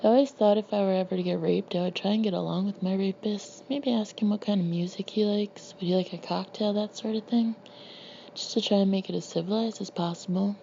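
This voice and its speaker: A woman narrates her own memoir in a dry, sardonic, deadpan voice. Her tone is warm and low-key. The recording is slightly muffled, with a faint hiss behind her. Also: fairly quick, creaky. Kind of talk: audiobook narration.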